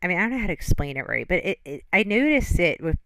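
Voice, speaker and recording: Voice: medium pitch, very animated, fast, a bit bright, no room sound. A reaction channel host giving casual, judgmental commentary on a video and reading chat comments aloud.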